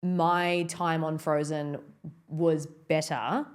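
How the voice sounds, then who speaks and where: A woman's voice: sits low, flat delivery, very slow, clear, resonant tone. A young woman hosting a podcast, talking in an earnest, heartfelt, rambling way. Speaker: podcast host. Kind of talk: casual podcast chat.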